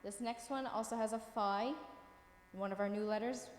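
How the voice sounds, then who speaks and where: A woman teaches a language class in a mid-range voice, at normal speed and with fairly even intonation. Patient and encouraging, she reads words out and regularly checks that students are keeping up. The recording carries a long reverb and faint room noise.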